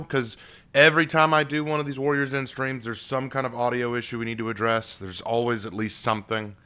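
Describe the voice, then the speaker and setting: A man hosts a live stream from home in a relaxed, chatty way. He reads out viewer messages and answers them in a middle-pitched voice. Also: clear, resonant tone. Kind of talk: casual live stream chat.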